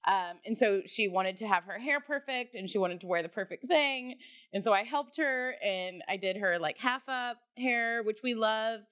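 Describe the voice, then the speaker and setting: A woman co-hosting a podcast, telling a story in a loose, animated way, laughing often and swearing casually. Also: fairly high pitch, moderate pace. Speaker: podcast co-host.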